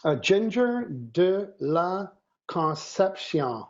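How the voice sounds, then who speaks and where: A co-host of a live online show chats and jokes while reading out viewers' names and greetings, his high voice very animated but extremely slow. The stream audio is dull and lo-fi.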